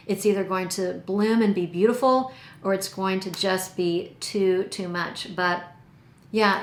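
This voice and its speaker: A woman casually reviewing perfumes in a chatty, enthusiastic way, stretching out her descriptive words. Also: mid-range voice. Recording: roomy echo.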